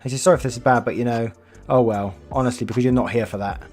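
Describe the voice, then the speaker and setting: With a mid-range, slightly mellow voice and fairly even intonation, a male channel host reads viewer stories quickly over faint background music. His delivery is casual commentary, full of laughter and free swearing.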